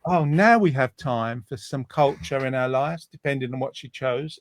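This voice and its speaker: A man's voice: mid-range voice, normal speed, soft background music. A man hosting a casual online show, reading out listener comments with a jokey, teasing manner. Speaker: host.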